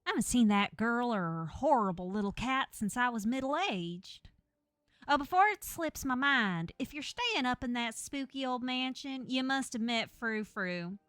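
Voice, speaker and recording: A spry, grudge-holding old woman from a story game, gossiping with sharp little jabs, as a woman puts her on. Her voice rings bright and forward, recorded close and dry with no room around it. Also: on the high side, animated, a little slow, no echo, pitched above the performer's own voice. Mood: gossipy. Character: feisty elderly woman townsperson with a grudge.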